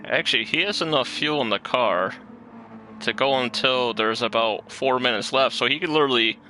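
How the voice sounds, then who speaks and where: Laid-back guy co-commentating a sim race, bright punchy voice, keeps chuckling, talks pit strategy. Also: medium pitch, normal speed, a little hiss or hum, low-quality recording.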